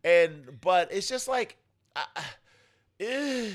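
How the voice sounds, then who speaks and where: Podcast co-host, male, high lively voice, excitable, teasing, swears freely. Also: a little slow. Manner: animated, laughing, swearing, mocking voices. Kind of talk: casual movie chat.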